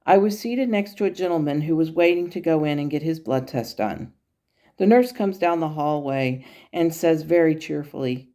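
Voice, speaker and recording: Low-voiced woman telling about her meditation chat, calm and kinda wry. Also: normal speed. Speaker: spiritual channel host. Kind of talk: recounting a channelled meditation conversation.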